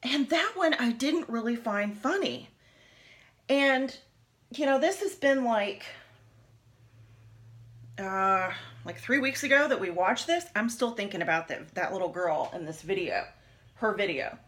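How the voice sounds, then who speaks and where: Woman in her forties, bright and chatty, rambling beauty vlog talk at her mirror. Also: on the high side, expressive, unhurried, pauses often. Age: 40s. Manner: chatty, rambling, many fillers and restarts. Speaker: beauty vlogger. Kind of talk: casual rambling chat while doing makeup. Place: home, at a lit makeup mirror.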